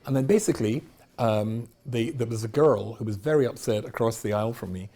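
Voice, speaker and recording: A man's voice: medium pitch, fairly quick, dark tone. A middle-aged man, a rabbi, giving a humorous storytelling talk in a wry, self-mocking way, often laughing at his own jokes.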